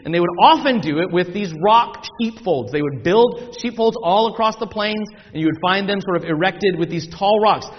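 High-voiced preacher man in a reverberant hall. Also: lo-fi sound. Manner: dramatic scripture reading, shifting from loud slow proclamation to soft asides; conversational teaching with repetitions and restarts. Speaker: pastor. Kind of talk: sermon.

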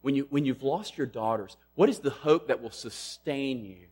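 A man preaching a sermon, emphatic, rising loud on questions and dropping to a hush on key lines. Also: medium pitch, normal speed, slightly rough. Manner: emphatic, swings between loud and hushed. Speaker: pastor.

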